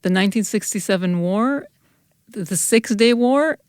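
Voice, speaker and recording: A woman speaking as a guest scholar in a podcast interview, talking in a thoughtful, measured way with some restarts. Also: medium pitch, animated, a little mellow, no echo, studio quality. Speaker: guest scholar, folklorist and anthropologist.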